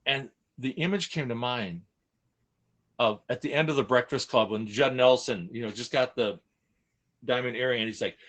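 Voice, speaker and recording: A man's voice: medium pitch, normal speed, a bit bright. A man openly recounting a hard personal experience in casual conversation, emotional and frank, often restarting his sentences. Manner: emotional, open, frequent restarts and self-corrections. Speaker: guest sharing a personal story. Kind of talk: candid personal storytelling in casual chat.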